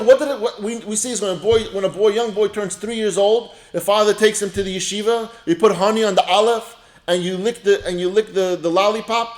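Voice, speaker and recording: A man with a high voice teaches an informal Torah class in an echoey room. He explains ideas in a storytelling manner, restarting often, and his voice drops soft when he tells a story.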